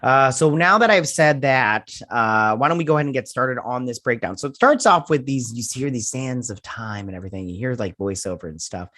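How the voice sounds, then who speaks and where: A man's voice: medium pitch, brisk, hardly any pauses, bright, forceful tone. An American man talking through a show episode in a loose, casual review. He rambles, leans on fillers and often trips over his own words as he goes. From United States. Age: adult with children. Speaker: YouTube show host.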